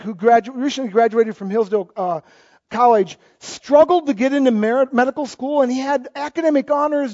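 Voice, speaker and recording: High-voiced pastor preaching emphatically. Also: male voice. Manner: emphatic, swings between loud exclamations and quiet asides. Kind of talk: sermon. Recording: dull lo-fi church recording.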